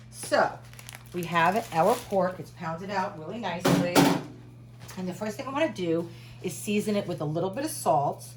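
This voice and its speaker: Upbeat woman chef in a noisy kitchen. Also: medium pitch. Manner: chatty and upbeat, laughs at herself. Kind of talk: home cooking demonstration. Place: home kitchen. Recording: loud background noise.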